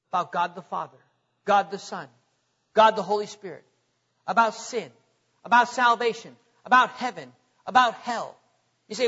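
A man's voice: sits high, pushed and bright, slightly rough. A man preaching a sermon in a church, emphatic and repetitive, firing off rhetorical questions to the congregation. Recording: echoey hall, dull lo-fi sound.

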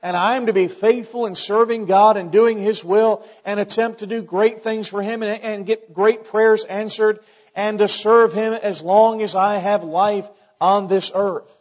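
A man's voice: high voice, fairly even intonation, a little slow, highs cut off. A middle-aged man preaching a sermon in a church, folksy in tone, building emphasis and quoting scripture. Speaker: pastor.

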